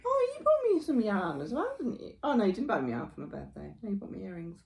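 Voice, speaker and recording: A woman's voice: mid-range voice, very animated, fast, gravelly, crowd noise. A middle-aged woman with a New Zealand accent, co-hosting a podcast in casual, chatty talk full of fillers and laughs. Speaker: podcast co-host. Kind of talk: casual chat.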